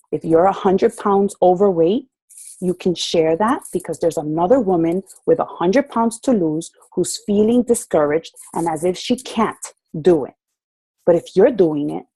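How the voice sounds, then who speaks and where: A woman's voice: fairly low pitch, dark tone, slightly rough, dry recording, poor audio. Passionate woman leading a group call. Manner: passionate, preacherly, acts out dialogue. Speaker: group leader speaking to her members. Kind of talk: motivational talk on a group call. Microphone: call audio.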